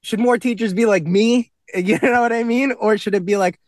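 A man's voice: high-pitched, moderate pace, no room sound. A young man and substitute teacher telling blunt, profane stories on a casual podcast, acting out what the kids said. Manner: blunt, profane storytelling, acts out kids' lines.

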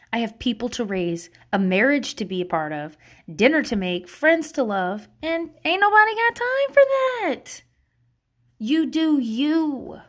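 Speaking a little high, a woman takes on the role of a mother giving advice on parenting in a casual solo talk. She's outspoken and foul-mouthed, laughing and wandering from point to point.

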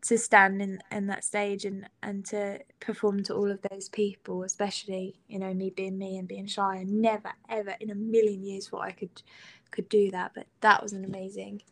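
A young British woman, a singer-songwriter guest, chatting casually in an interview, giggly and halting with many restarts. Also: mid-range voice, monotone. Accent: British English.

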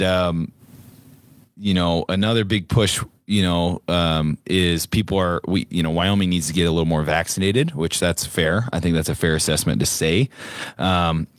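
A man's voice: sits low, no room sound, clean studio sound. A man co-hosting a casual political talk show, emphatic and repetitive, with many fillers. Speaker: podcast co-host.

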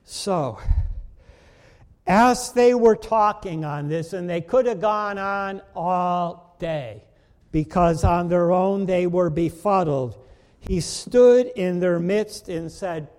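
A male pastor delivers a sermon in a high, clear-pitched voice. He speaks slowly and emphatically, pausing for weight. The sound carries the long reverb of a church sanctuary. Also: darkish tone. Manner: slow, emphatic preaching with dramatic pauses.

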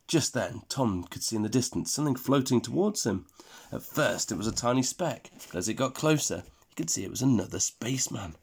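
A man reading a bedtime story aloud, expressive and playful. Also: mid-range voice, a little fast, gravelly, husky.

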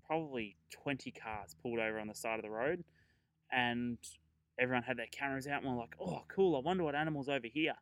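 Smooth-voiced man telling travel stories. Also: medium pitch, fairly bright tone, dry recording, poor audio. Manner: rambling, chatty, with fillers and chuckles. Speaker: travel podcast host. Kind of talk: casual travel storytelling.

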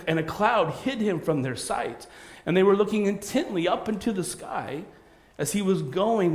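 A man delivers a sermon to a gathered room, reading scripture and then animating the characters in it. His voice sits a little high and ranges expressively, and the recording carries a noticeable echo from the space. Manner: animated storytelling, acting out voices. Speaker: pastor. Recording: roomy echo.

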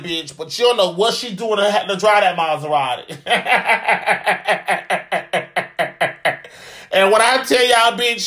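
A man's voice: high-pitched, sharp tone. A man giving sassy, profane, dramatic commentary in a casual vlog. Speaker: vlogger.

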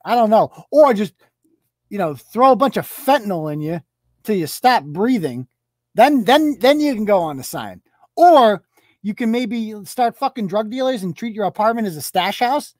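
A woman's voice: medium pitch, darkish tone, no echo. A woman hosting a live show, delivering a sarcastic, profane, mocking rant. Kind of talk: profane ranting commentary.

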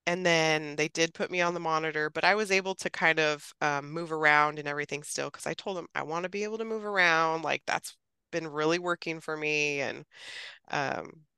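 A woman in her thirties telling a personal story as a podcast guest, chatty and animated, acting out what others said and laughing often. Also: deep voice, a little fast, clear, resonant tone, no room sound. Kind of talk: casual storytelling.

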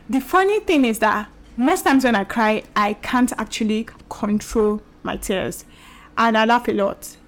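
A young woman with a slightly high voice chats casually with her audience as the host of her own show. She repeats herself, drops in fillers and now and then laughs as she talks. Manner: chatty, repetitive, with laughs and fillers. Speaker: podcast and video host. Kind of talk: casual solo talk to camera.

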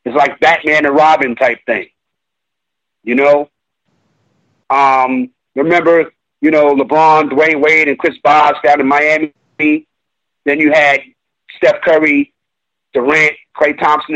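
A man's voice: fairly high pitch, little pitch movement, unhurried, pauses often, fairly bright tone, lo-fi sound. A man giving opinionated, colloquial basketball commentary, emphatic and mocking at times. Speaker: sports commentator.

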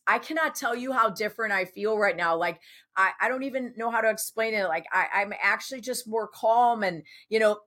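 A woman who works as a personal trainer and health coach, talking with enthusiasm as a podcast guest. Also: fairly high pitch. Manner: enthusiastic, animated storytelling. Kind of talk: casual podcast conversation.

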